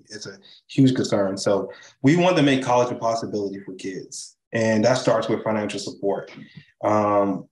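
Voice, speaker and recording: A man from Chicago, a charity leader, talking as an interview guest over a video call in an animated, enthusiastic way, with many fillers and tag questions. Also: fairly low pitch, echoey room, rough recording. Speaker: charity CEO and co-founder, guest.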